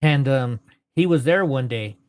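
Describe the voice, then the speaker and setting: With a mid-range, darkish voice and a measured pace, a man in his forties recounts long stories as a guest in a casual interview. He rambles and corrects himself, laughs between tales and imitates voices when quoting others. There's no echo.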